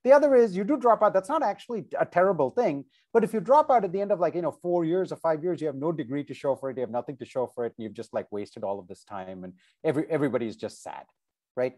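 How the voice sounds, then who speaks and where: Guy professor talking on a zoom call, very lively up and down voice, keeps saying right? okay?. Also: fairly high pitch, fast. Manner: animated, conversational, many asides like "right?" and "okay?". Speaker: professor giving PhD application advice. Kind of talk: informal advice talk over video call. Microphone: video call.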